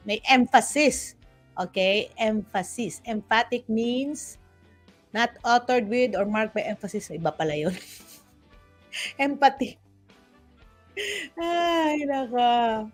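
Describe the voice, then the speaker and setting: A woman with a Filipino accent hosting a casual talk show, chatting with playful asides and frequent restarts. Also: a little high. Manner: chatty, switching between English and Tagalog; restarts often and teases herself with playful asides.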